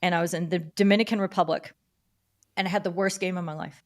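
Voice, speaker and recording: A middle-aged woman from Canada, a guest on a podcast, telling stories about her career in a lively, casual way and acting out the voices of the people in them. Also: lowish voice, quick pace. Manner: animated storyteller who acts out quoted dialogue. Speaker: podcast guest, field hockey umpire. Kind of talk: casual interview storytelling.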